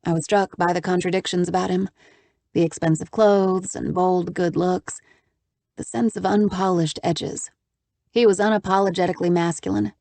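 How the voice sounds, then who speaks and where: Low-voiced woman reading an audiobook. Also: a little mellow, no room sound. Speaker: audiobook narrator. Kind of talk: scripted audiobook narration.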